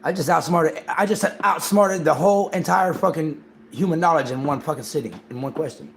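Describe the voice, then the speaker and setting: A man hosting a livestream in casual chat, excitable and profane, repeating himself and talking over others. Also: on the high side, brisk, gravelly, a little hiss or hum. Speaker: livestream host.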